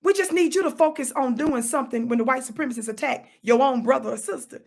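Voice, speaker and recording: A talk show host delivers an animated, preachy commentary monologue on her own show, repeating words for emphasis and teasing listeners with bursts of laughter. She talks fast in a high-pitched, gravelly voice.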